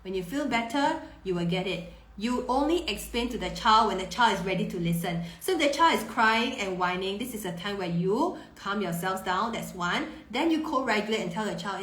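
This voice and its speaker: A woman in her thirties, a parenting coach answering viewer questions on a live stream, warm and reassuring, often repeating words as she thinks. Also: medium pitch, animated, moderate pace. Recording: roomy echo.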